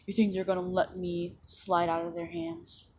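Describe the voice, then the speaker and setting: A woman voicing a calm, cocky teenage boy in a spoken fan story, talking quietly and flatly. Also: on the low side, moderate pace, noisy background. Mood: cool.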